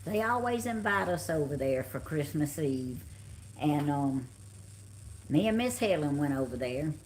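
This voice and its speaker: A middle-aged woman with a Southern drawl talks in a slow, unhurried way, her voice a little low for a woman. She sounds tired but folksy as she greets her livestream viewers by name. A faint hum of room ambience sits behind her. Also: lively intonation, a little mellow. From Georgia, US. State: tired, yawning. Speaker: live stream host. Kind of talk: casual live chat with viewers. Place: home, on the couch.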